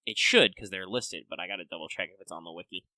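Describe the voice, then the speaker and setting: A man's voice: sits low, fast talker, sharp tone, no room sound. A man co-hosting a podcast, explaining things in a loose, rambling way with lots of "like" and casual swearing. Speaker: podcast co-host. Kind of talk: casual chat.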